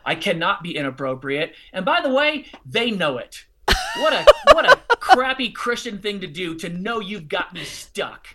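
Animated, expressive man telling a story. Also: high voice, moderate pace, slight background noise. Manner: expressive, swings into loud excited outbursts when acting out scenes. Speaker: guest, charity fundraising speaker.

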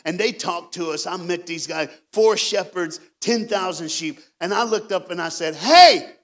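A man from Knoxville, preaching a storytelling sermon as a guest speaker, swinging from hushed lines to near shouts. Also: sits high, moderate pace. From Knoxville, Tennessee.

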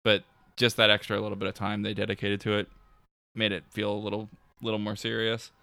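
A man's voice: completely flat delivery, fairly quick, pushed and bright, no room sound. A man co-hosting a podcast, chatting casually and laid-back with many fillers. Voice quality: low gravelly voice, filler-heavy. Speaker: podcast co-host. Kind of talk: casual chat.

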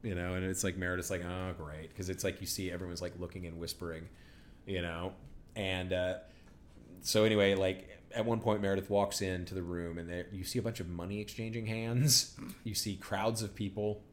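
A man's voice: low-pitched, fairly even intonation, a little fast, a little hiss or hum. A man co-hosting a podcast, recapping a TV episode in rambling, sardonic casual chat full of fillers. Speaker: podcast co-host.

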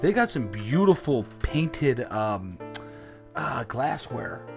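An American man co-hosting a deadpan comedy chat, rambling with halting restarts. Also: mid-range voice, creaky, faint music behind. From United States. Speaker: co-host.

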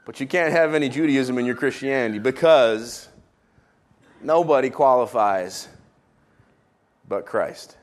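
A man preaching a sermon, raised in Israel, animated and jokey, swinging between loud emphatic lines and sudden quiet, hushed ones. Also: mid-range voice, unhurried, pauses often. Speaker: pastor.

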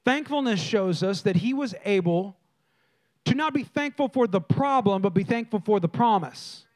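A man with a strikingly high voice preaches to his congregation. He tells stories in a lively way and talks straight to the people in front of him. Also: normal speed. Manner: lively storytelling preacher, addresses the congregation directly. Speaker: pastor. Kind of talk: sermon. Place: church.

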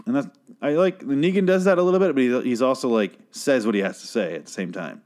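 A man's voice: mid-range voice, fast, darkish tone. A man casually recapping a TV show in a rambling, profane way, stopping himself mid-sentence and laughing often.

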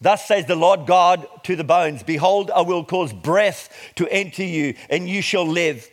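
A middle-aged man preaching a sermon, reading scripture slowly and with emphasis before explaining it. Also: high-pitched. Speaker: pastor.

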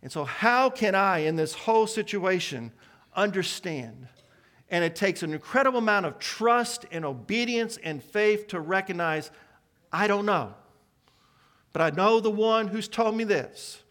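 High-voiced male pastor preaching. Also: lively intonation, a little slow, fairly bright tone. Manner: preaching with rising emphasis and rhetorical questions. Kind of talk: sermon.

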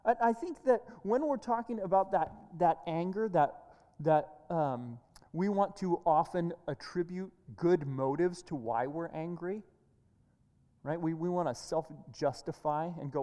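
A woman's voice: lowish voice, measured pace, dark tone. A woman pastor preaching a sermon in an earnest way, often repeating and restarting words. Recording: echoey hall reverb.

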